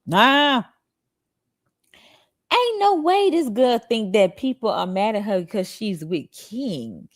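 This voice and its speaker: A woman hosting reaction commentary, animated and laughing, firing rhetorical questions at her viewers, with features. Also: fairly high pitch, slow pace, long pauses, no room sound, studio quality. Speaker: commentary channel host.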